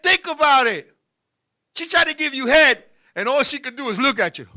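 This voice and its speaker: A high-pitched, very bright man hosting a raunchy comedy show. He talks loud and animated, breaks into shouts, and keeps up a rowdy stand-up rhythm. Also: unhurried, long pauses. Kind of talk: crude stand-up style comedy banter.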